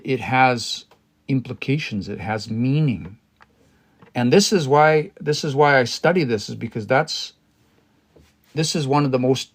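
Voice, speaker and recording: A man on a casual live stream studying a language as a learner. He thinks aloud, pauses, restarts and reads phrases slowly. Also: mid-range voice.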